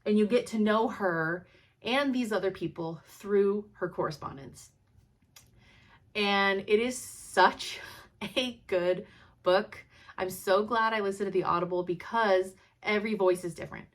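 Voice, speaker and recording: A woman's voice: mid-range voice, a little slow. A young adult woman chatting casually to camera, gushing with frequent fillers and laughs mixed into her speech. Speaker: cross-stitch vlogger.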